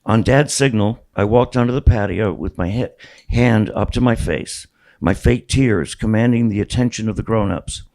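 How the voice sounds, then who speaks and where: An author in his sixties reads his memoir aloud at a bookstore, telling it wryly and stumbling into small restarts. He speaks at a moderate pace in a fairly low, darkish voice, captured on poor audio.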